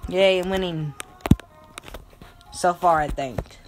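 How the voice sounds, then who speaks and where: A woman's voice: fairly low pitch, slow pace, noisy background. A woman narrating her strategy game play in a melodramatic, self-mocking way. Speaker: gamer. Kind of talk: let's play game commentary.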